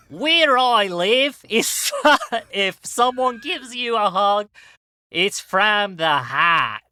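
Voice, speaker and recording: Brief: man putting on a loud, drawling mock-Aussie wildlife showman with a Brooklyn twist, crisp and dry. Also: high voice, expressive, extremely slow, dry recording, exaggerated voice. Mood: hammy. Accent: mock Australian mixed with Brooklyn. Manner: exaggerated, drawling, loud, self-mocking. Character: cartoon duelist doing a wildlife showman impression, brash male. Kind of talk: comic impression on a podcast.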